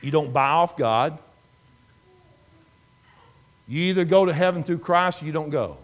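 A man's voice: fairly high pitch, measured pace. A man preaching a sermon as pastor, telling a story with emphatic, repetitive delivery. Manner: emphatic storytelling preacher, repeats words, rises and falls in intensity.

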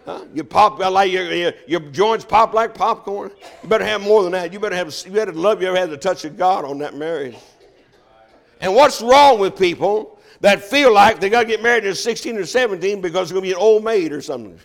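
A man's voice: high-pitched, lively intonation, brisk, vocal fry. An older man preaching a sermon as pastor, folksy and joking.

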